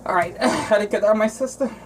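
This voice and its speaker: A man's voice: sits high, slight background noise, poor audio. Rambling man from Arizona, cooking vlog. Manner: rambling, emotional, halting with restarts. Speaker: vlogger.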